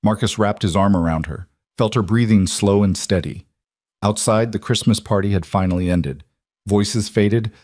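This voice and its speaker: A man narrating a romance story in a calm, steady scripted reading. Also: fairly low pitch, no echo.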